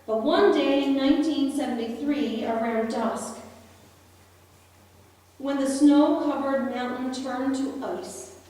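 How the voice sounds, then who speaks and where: A woman preaching a sermon slowly and deliberately, with long pauses. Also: high-pitched, warm tone. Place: church hall. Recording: echoey hall, voice from far off.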